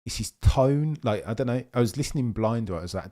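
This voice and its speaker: A man's voice: mid-range voice, animated, fairly quick, warm tone. A young man hosting a live watchalong stream, chatting casually and answering viewers' messages. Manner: chatty, reads chat messages aloud and answers them. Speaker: livestream host.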